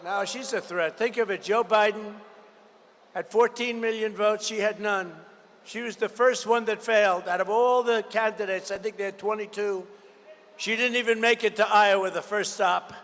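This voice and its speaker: Older male candidate, high and bright, combative and repetitive, echoing through a big hall. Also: steady tone, moderate pace. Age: 70s. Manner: combative, repetitive, riffing off the crowd. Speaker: political candidate. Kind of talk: campaign rally speech. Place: large indoor expo hall. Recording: long reverb in a big hall, faint noise.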